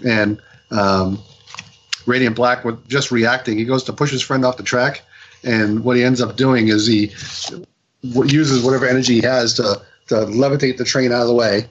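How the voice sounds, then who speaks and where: A man in mid pitch chatting casually as a podcast co-host. He recaps a story in a loose, rambling way, with plenty of fillers and restarts. He slips into lively little voices when quoting people. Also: normal speed, highs cut off, a little hiss or hum. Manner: rambling retelling full of fillers and quoted dialogue. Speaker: podcast co-host reviewing comics. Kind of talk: casual chat.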